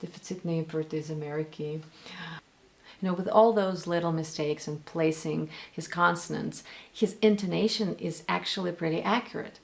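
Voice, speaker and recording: A Russian woman, a native Russian speaker, comments on actors' accents in English with her Russian accent. Her voice sits a little low, with a gravelly, frayed edge. She talks in an animated, opinionated way, addressing her viewers directly. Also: normal speed, few pauses. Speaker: language and accent teacher. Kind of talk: casual commentary on film accents.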